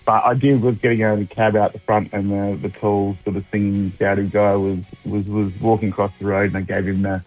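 A man's voice: fairly low pitch, level tone, a little fast, hardly any pauses, dull audio, faint music behind. Easygoing Australian man on the phone. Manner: easygoing, rambling, dry humour. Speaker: caller. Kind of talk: casual chat on air.

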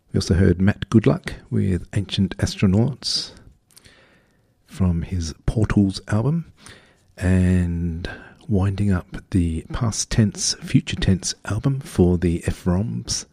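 A man's voice: low voice, vocal fry, mellow, breathy edge, no echo, clean studio sound. A man working as a radio DJ, casually back-announcing songs in a playful, self-mocking way and stumbling over band names.

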